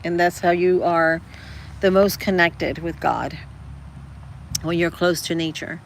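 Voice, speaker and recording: A woman's voice: fairly low pitch, steady tone, a little slow, slight background noise, poor audio. A woman chatting casually with her livestream viewers, rambling and calling them girl and guys. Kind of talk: casual live chat.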